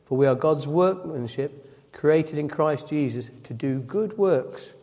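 A preacher reads scripture and then unpacks it, speaking in a relaxed, mellow voice pitched a little high. He repeats phrases and corrects himself quickly as he goes, while a long church-hall reverb rings around his words.

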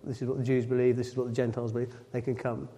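A man's voice: mid-range voice, level tone, very fast, mellow. Man preaching in a reverberant hall. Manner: reads scripture aloud, then explains it with repeated phrases and self-corrections. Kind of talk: sermon.

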